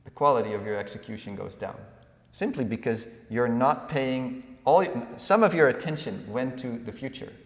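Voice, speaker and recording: A man co-hosting a podcast, telling a parable in a relaxed conversational way and acting out the villagers' lines. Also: mid-range voice, normal speed. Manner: animated storyteller who acts out villagers. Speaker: podcast co-host. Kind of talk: conversational storytelling. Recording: echoey room with long reverb.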